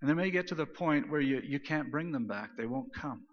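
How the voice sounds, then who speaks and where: A man preaching a sermon, retelling scripture in a casual, animated paraphrase. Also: a little high, brisk. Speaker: pastor. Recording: dull lo-fi sound with long hall reverb.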